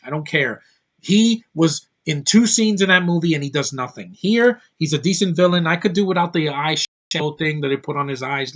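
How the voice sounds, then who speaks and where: A young man talking casually to camera in a home video, opinionated and excitable, ranting about what he likes and hates. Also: fairly high pitch. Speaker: movie collector vlogger. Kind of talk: casual movie haul vlog.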